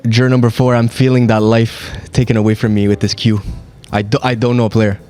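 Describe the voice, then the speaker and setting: A man competing in a quiz with friends, excitable and over-dramatic in casual banter. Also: mid-range voice, a little fast, smooth, soft background music. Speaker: quiz contestant.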